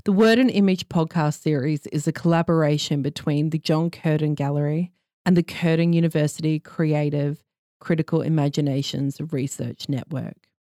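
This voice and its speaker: A podcast host reading a scripted introduction in a clear, formal way. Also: medium pitch, fairly even intonation, moderate pace, dark tone, no echo, clean studio sound.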